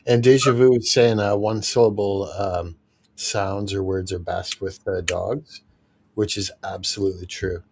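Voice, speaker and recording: A man's voice: low voice, steady tone, unhurried, vocal fry, a little mellow, slight background noise. A man streaming live, easygoing, reading chat messages and chatting with lots of fillers. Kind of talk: casual livestream chat.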